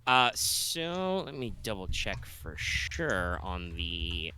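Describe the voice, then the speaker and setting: A man's voice: deep voice, very animated, slow, pushed and bright, slight background noise. A man acting as game master, explaining the rules in a loose, jokey way. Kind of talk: running a tabletop game, casual.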